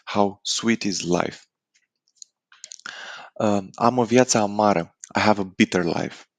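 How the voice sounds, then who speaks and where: A man with a Romanian accent teaching a language lesson in a relaxed, hesitant way, full of fillers and restarts. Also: lowish voice, measured pace, dry recording. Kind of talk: casual spoken lesson.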